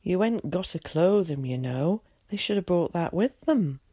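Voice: medium pitch, expressive, a little slow, mellow, breathy edge, no room sound, clean studio sound. A reader voicing a chatty, nosy middle-aged village woman speaking in rural dialect, in an audiobook. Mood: gossipy. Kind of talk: audiobook character voice.

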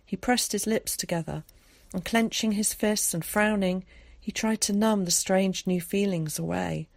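A woman narrating an audiobook chapter in a measured, expressive storytelling voice. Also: medium pitch, vocal fry, no room sound. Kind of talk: scripted narration.

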